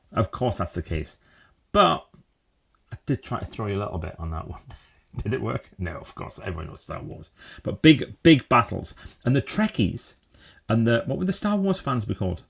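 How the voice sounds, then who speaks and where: A man's voice: on the low side, creaky, a bit bright. A middle-aged man hosting a live-streamed motivational talk, chatty, quizzing viewers and answering their comments. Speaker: live show host.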